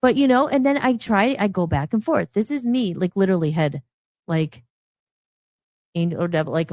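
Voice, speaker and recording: A middle-aged woman musician hosting a live radio talk show, rambling and animated, often restarting her sentences. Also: fairly low pitch, normal speed, dry recording, clean studio sound. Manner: animated, rambling, frequent restarts and self-interruptions.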